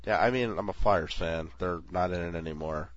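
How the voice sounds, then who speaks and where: A man's voice: low-pitched, a little fast, no room sound, muffled recording. An easygoing man chatting on a casual gaming podcast, stammering a little as he talks sports.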